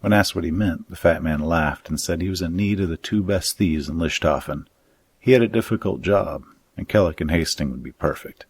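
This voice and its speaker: A man reading his own dark fantasy story aloud in a measured, even audiobook narration. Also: low-pitched, breathy edge, no echo.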